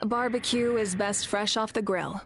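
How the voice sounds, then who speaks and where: An actress playing a composed, commanding fire goddess woman in a video game, speaking with calm assurance. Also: medium pitch, moderate pace, husky.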